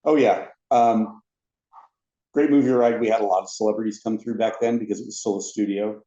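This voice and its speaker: A man telling anecdotes as a podcast guest, a lively storyteller who acts out the other people in his stories. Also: fairly low pitch, fairly quick. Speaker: podcast guest, former theme park ride attendant. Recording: roomy, dull lo-fi sound.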